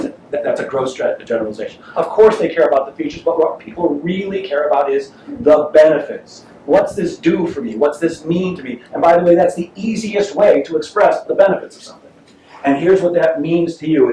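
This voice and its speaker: A man, a sales trainer, giving a lively seminar talk to inventors and quizzing the audience with enthusiasm. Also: on the high side. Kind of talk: live seminar talk with audience back-and-forth. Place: meeting room, heard from across the room. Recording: echoey room, far-off mic, faint hiss.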